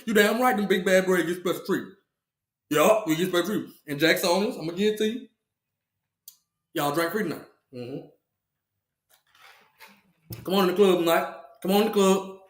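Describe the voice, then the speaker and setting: A man's voice: high-pitched, bright, forceful tone, roomy sound. A man hosting a casual comedic podcast monologue, playfully trash-talking, laughing often and repeating his lines. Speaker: podcast host.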